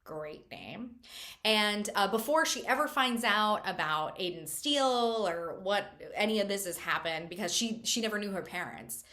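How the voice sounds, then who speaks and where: A woman in relaxed conversation recapping a novel's plot for her viewers. She talks loosely, full of fillers, and drops wry, joking asides along the way. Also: mid-range voice, normal speed. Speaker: book reviewer host. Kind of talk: casual book-recap chat.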